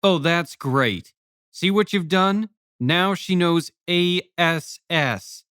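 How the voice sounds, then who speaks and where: A man's voice: high-pitched, slow, bright, forceful tone, clean tone, dry recording, clean studio sound, pitched above the performer's own voice, exaggerated voice. A man reading an audiobook, voicing a skeptical mother who scolds sharply. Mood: scolding.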